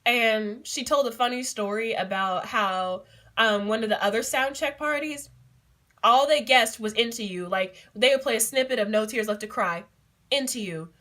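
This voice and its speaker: A young adult woman vlogger telling a story in a casual, excitable and giggly way, with many fillers. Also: on the high side, moderate pace. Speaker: beauty vlogger.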